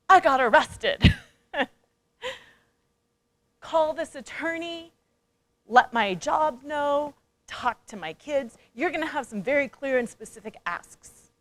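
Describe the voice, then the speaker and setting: A woman with a high voice gives a motivational talk at a conference. She keeps it playful, asks the audience questions and drops into quick acted voices for the people she quotes. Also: dry recording. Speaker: speaker and coach.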